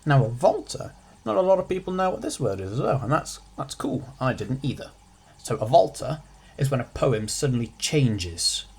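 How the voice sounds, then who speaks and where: A man with a husky, slightly breathy voice talks through a poem for exam revision. He keeps it light, dropping quick sarcastic jokes between his points, and his pitch sits in a middling range. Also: sing-song. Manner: jokey, with quick sarcastic asides. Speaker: revision tutor. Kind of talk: casual revision lesson.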